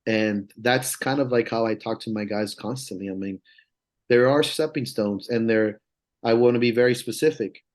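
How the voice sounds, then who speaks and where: A man's voice: mid-range voice, normal speed. A man talking as a strength coach on a podcast, in a casual, earnest way. He is emphatic and rambling, and he swears freely as he makes his points.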